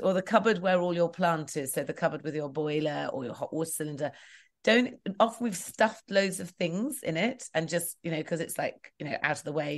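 A woman guest giving practical home advice in a chatty, rambling way, often correcting herself mid-sentence. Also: deep voice. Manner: chatty, rambling, explains with self-corrections and laughs. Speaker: guest property expert. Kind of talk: casual interview advice.

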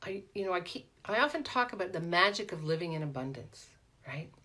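A middle-aged woman with a somewhat low voice talks through a live coaching session. She is animated and chatty, tossing out "right?" and answering viewers as they come in. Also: a little fast. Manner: animated, peppered with "right?", greets viewers by name. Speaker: life coach hosting a live Q&A. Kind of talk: casual live-stream coaching talk.

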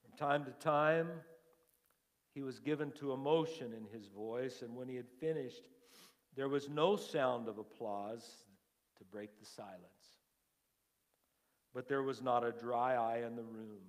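A man preaching a sermon as lead pastor, telling a story slowly, his phrases trailing off softly before rising to fervent emphasis. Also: medium pitch. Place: church sanctuary. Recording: long church-hall reverb.

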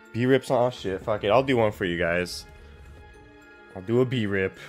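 A man with a fairly low voice gives loose, profane commentary while he plays a game, piling up fillers and swearing as he goes. Faint game music sits quietly behind him. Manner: profane, rambling, lots of fillers. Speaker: game streamer. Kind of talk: casual gameplay commentary.

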